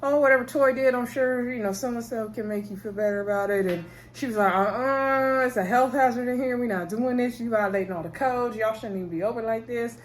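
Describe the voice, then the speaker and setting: A woman's voice: fairly high pitch, a little fast, hardly any pauses, a little hiss or hum. A woman casually recapping a TV episode, animatedly acting out the characters' lines as she retells the scenes.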